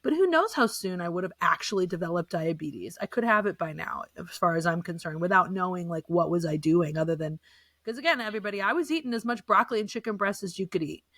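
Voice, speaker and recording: A middle-aged woman, telling her own story in an earnest, animated way as a guest. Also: on the low side, fast talker, no room sound. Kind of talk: casual chat.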